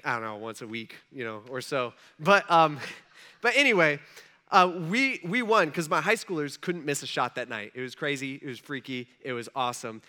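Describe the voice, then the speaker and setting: Bright-voiced chatty young pastor. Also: male voice, fairly high pitch. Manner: chatty, animated storytelling with many fillers. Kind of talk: casual sermon.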